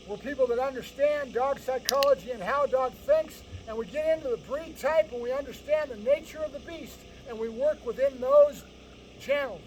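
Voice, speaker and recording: High-voiced male dog trainer, distant mic. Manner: emphatic, lecturing, often ends points with "right?". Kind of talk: explaining dog training to owners. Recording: distant mic with faint background noise.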